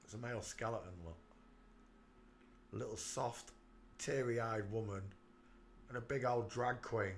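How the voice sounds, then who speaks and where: A man's voice: mid-range voice, steady tone, measured pace, pauses often, a little hiss or hum. A man hosting his channel, giving mocking commentary over photos and calling out to the viewer. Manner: jeering, talks to the viewer, breaks into laughter. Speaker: channel host.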